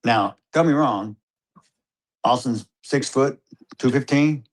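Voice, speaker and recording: A man's voice: medium pitch, takes it slowly. A man telling a hunting story as a father, recounting it vividly and acting out the exchanges. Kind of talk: recorded storytelling.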